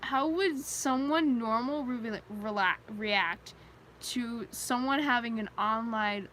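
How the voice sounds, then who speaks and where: A woman's voice: fairly high pitch, takes it slowly, a bit bright, a little hiss or hum, poor audio. A teenage girl chatting casually on a live stream, rambling with many fillers and frequent giggles. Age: teens. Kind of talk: casual chat.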